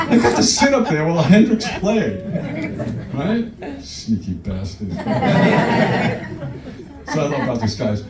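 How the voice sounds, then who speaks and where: A man's voice: a little high, sing-song, slow pace, pauses often, a little hiss or hum. A man from Long Island giving a joking, anecdotal induction speech at a podium, laughing between stories. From Long Island, New York. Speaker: inducting presenter at a hall of fame ceremony. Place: large event hall. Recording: echoey hall recorded from far off.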